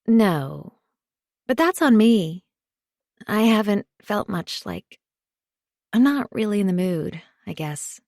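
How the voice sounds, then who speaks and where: A woman narrating a thriller audiobook in the first person, measured and understated. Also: mid-range voice, very animated, darkish tone, no echo, clean studio sound.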